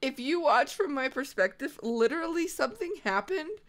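A young woman hosting a casual co-op game session, excitable and quick to panic. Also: high-pitched. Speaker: gaming channel host. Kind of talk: casual co-op gameplay chat.

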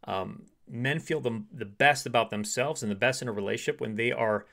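A man's voice: mid-range voice, a little fast, vocal fry. A man giving dating advice to women as a relationship coach, speaking straight to the listener and acting out short example conversations. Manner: acts out short quoted dialogues in softer voice.

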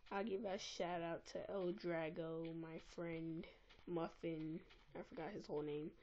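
Woman chatting over her game, gets worked up fast, kinda low voice with fry, slow talker, muffled tablet mic. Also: slight background noise. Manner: excitable, easily exasperated. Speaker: gameplay recorder. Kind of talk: casual gameplay commentary. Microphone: tablet built-in mic.

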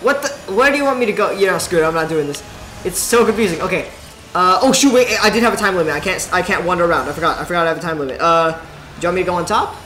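Excitable young man narrating a game. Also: sits high, very fast, slight background noise. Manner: excitable, chatty, talks to the viewers while playing. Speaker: gaming video host. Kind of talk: let's play commentary. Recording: roomy home recording. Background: faint game music.

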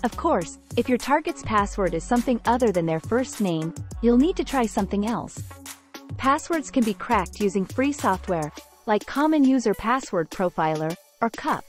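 A woman giving scripted narration of a book summary in an even, measured, explanatory way. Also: fairly high pitch, soft background music.

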